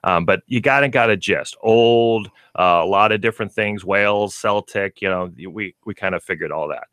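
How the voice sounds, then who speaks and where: Low-voiced man on a casual pet radio show. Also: fairly bright tone, no echo, clean studio sound. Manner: reads haltingly, stumbles over words. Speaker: co-host, pet store representative.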